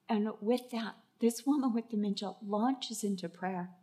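A middle-aged woman preaching a sermon. She tells stories in an animated way and acts out the voices. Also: mid-range voice, measured pace, few pauses.

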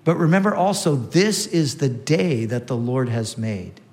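A man's voice: medium pitch, lively intonation, measured pace, a little mellow. A man preaching a sermon in a teaching manner, repeating key phrases for emphasis and restarting his sentences.

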